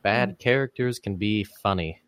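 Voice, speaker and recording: A man's voice: on the low side, unhurried, fairly bright tone, clear, resonant tone, dry recording. A man joining a podcast as guest, chatting casually with short joking interjections. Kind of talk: casual chat.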